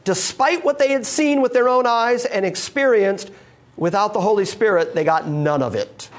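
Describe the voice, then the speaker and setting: A man preaching a sermon to a live congregation, emphatic and full of rhetorical questions put to the listeners. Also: sits high. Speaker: pastor.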